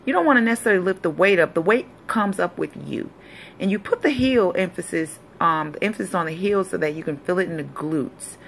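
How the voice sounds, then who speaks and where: A woman's voice: on the low side, animated, fairly quick, gravelly, slight background noise. A woman personal trainer in a casual fitness vlog, explaining exercises in an upbeat, encouraging way.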